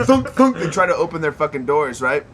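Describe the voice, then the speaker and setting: Podcast host guy, kinda high voice, swears a lot, rambly story mode. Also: fast, a crowd in the background. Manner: rambling, profane storytelling with laughter. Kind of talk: casual podcast chat.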